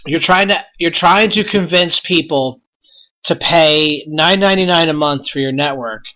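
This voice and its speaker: A man's voice: fairly high pitch, moderate pace, sharp tone. A man hosting a wrestling podcast, ranting in an exasperated, blunt way with lots of rhetorical questions. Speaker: podcast host.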